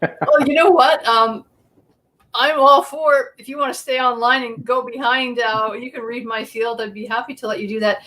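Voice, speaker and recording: A woman's voice: a little high, steady tone, moderate pace, a bit bright. A woman hosting an interview show, chatty and full of fillers. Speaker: show host. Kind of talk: casual interview chat.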